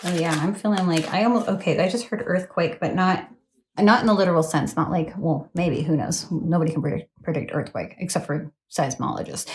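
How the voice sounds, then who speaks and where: A woman's voice: fairly low pitch, brisk, a little mellow, a little hiss or hum. A woman in her thirties giving a chatty, rambling tarot reading to her phone camera at home late at night, often apologizing and laughing. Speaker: tarot reader.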